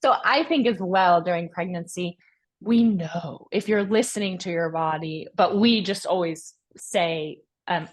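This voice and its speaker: A woman's voice: on the low side, moderate pace. A woman hosting an online yoga class, chatting casually while she demonstrates poses and asks her guest questions. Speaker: yoga teacher and class host.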